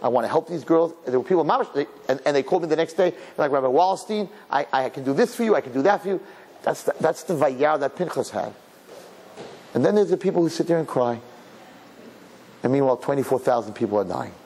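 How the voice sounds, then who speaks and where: A man's voice: a little high, expressive, quick pace, a little mellow, slight background noise. A man preaching a sermon as a rabbi, impassioned, mixing in Hebrew and Yiddish words. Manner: impassioned, mimics people crying, sprinkles Hebrew and Yiddish words. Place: large hall with an audience. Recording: reverberant hall.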